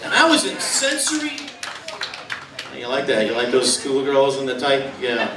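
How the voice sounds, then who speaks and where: A man's voice: mid-range voice, wildly swooping pitch, normal speed, reverberant, distant mic, noisy background. A male stand-up comedian from Michigan doing crude crowd-work jokes on a club stage, with the audience laughing behind him.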